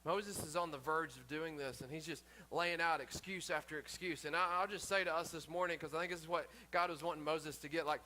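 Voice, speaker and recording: A man's voice: a little high, fairly even intonation, brisk, hardly any pauses, bright, forceful tone. A man pastor preaching a sermon in an earnest way, often repeating himself and restarting his sentences.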